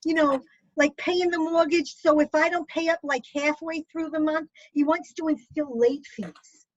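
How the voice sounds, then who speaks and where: A woman's voice: high-pitched, steady tone, normal speed. A woman doing a stand-up comedy set from home, crude and self-mocking in her punchlines. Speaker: stand-up comic. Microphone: video call computer mic. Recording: muffled video call audio with background hiss.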